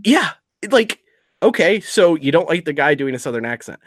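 A man's voice: on the high side, big pitch swings, moderate pace, no echo, studio quality. A man co-hosting a podcast, reading wrestling news aloud and ranting sarcastically about it, with frequent swearing. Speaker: podcast co-host. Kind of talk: casual podcast chat.

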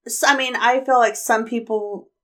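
A woman's voice: fairly high pitch, fairly even intonation, a bit bright. Chatty woman podcast co-host. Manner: chatty, supportive, quick interjections. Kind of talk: casual chat.

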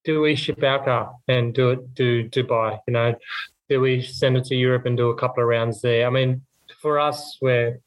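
A man, talking casually as a guest about his racing team, upbeat and chatty with quick restarts. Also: mid-range voice, steady tone, low-quality recording. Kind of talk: casual podcast interview.

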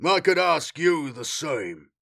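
A man's voice: on the high side, sing-song, slow, creaky, heavily acted. A man voicing an arrogant, mocking warrior sergeant who talks archly and snarls. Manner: arch, snarling, loud.

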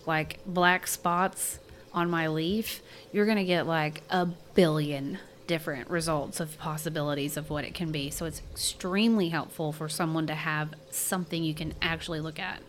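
Woman, low pitch, casual co-host chat, frequent laughter, teasing. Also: fairly even intonation, normal speed, slight background noise.

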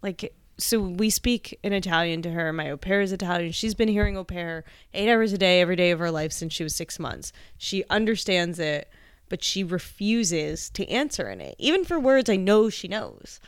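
A woman comedian talks in casual chat, animated and quick to laugh, with frequent swearing. Her voice is recorded dry and close, with no room sound. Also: lowish voice, clean tone, dry recording.

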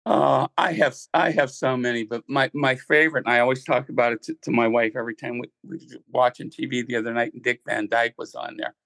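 Older male guest, gravelly voice, dry close sound, rambling storyteller. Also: medium pitch, fairly even intonation, quick pace, few pauses, a bit bright, dry recording, rough recording. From Ohio, United States. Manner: rambling, repeats words, acts out quotes. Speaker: musician guest. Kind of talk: casual storytelling interview.

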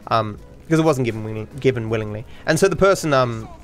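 A man's voice: medium pitch, expressive, brisk, soft background music. A man hosting a podcast, telling a story in a loose, rambling way, with many restarts and casual swearing. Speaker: podcast host and streamer.

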